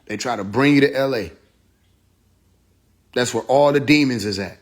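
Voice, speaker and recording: A man rants casually into his phone during a livestream, voice at an ordinary middle pitch. He talks loose and animated, swears freely and keeps cracking himself up at his own jokes. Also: moderate pace. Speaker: live streamer.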